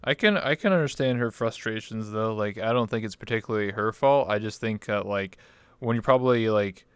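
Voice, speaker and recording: Smooth, dry-voiced laid-back host. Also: male voice, lowish voice, brisk, no echo. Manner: laid-back, joking interviewer. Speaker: talk show host. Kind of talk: casual interview chat.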